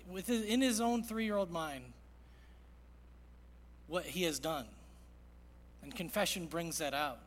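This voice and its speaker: High-voiced pastor preaching in a reverberant hall. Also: male voice. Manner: earnest, swings from loud emphasis to hushed quiet. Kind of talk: sermon. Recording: long reverb of a large hall.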